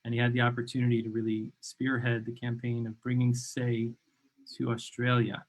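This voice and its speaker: A man's voice: medium pitch, completely flat delivery, moderate pace. A man from New York hosting an interview over a video call, talking enthusiastically and rambling, often repeating himself. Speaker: host. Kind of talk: conversational interview.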